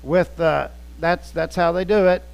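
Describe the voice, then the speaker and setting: A man's voice: a little high, steady tone, unhurried, gravelly, clean tone, highs cut off. A male pastor preaching in a conversational way, telling anecdotes and acting out scenes as he goes. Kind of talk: storytelling sermon.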